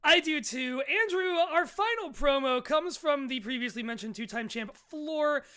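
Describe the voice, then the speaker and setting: Excitable, bright-voiced stream co-host. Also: sits high, normal speed. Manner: excitable, laughs often, stumbles over words. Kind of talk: casual live commentary.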